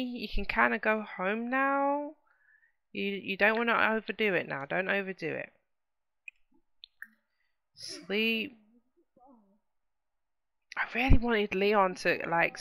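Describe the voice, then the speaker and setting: A woman's voice: mid-range voice, vocal fry, a bit bright. A woman hosting a casual let's play, chatting to viewers and exclaiming at what happens in the game. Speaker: gaming channel host.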